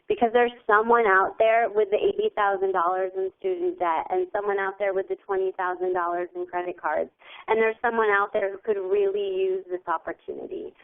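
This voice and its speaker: A young woman leading a motivational training call, earnest and chatty, at times getting emotional. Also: medium pitch. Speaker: team leader hosting a training call. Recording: phone-line audio.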